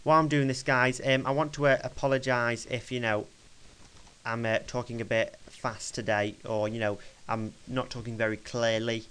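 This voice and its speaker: Young man, smooth clear voice, casual software walkthrough, rambling and chatty, desk mic. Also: mid-range voice, little pitch movement, normal speed, poor audio. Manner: chatty, rambling, self-correcting as he clicks. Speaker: tutorial maker. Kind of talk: casual screen-recorded software tutorial.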